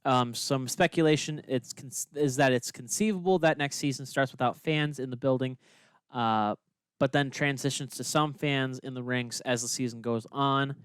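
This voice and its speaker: A man's voice: medium pitch, normal speed, fairly bright tone, smooth, dry recording, studio quality. A young man hosting a podcast, reading news with many fillers and getting exasperated at his co-host. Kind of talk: casual news-reading chat.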